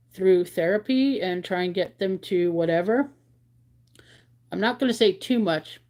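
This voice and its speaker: A woman's voice: lowish voice, darkish tone. A woman hosting a crochet livestream, chatting candidly and rambling a little as she reflects and reads out comments from viewers. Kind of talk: casual chat with viewers.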